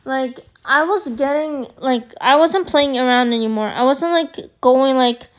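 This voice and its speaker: High-voiced woman rambling through a story. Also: unhurried, hardly any pauses. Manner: rambling, filler-heavy, addresses viewers as guys. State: hoarse from screaming. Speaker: vlogger. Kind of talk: storytime chat.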